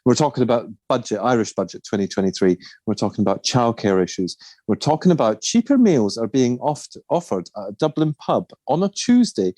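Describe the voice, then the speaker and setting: A man's voice: mid-range voice, sing-song, brisk, dark tone, dry recording. A man co-hosting a podcast in casual chat, chatty and self-mocking, often breaking into giggles. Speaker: podcast co-host.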